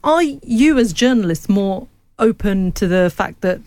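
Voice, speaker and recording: A woman's voice: medium pitch, lively intonation, a little slow, mellow. A woman hosting a sports podcast, asking chatty prompting questions. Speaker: podcast host. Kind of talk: casual interview questions.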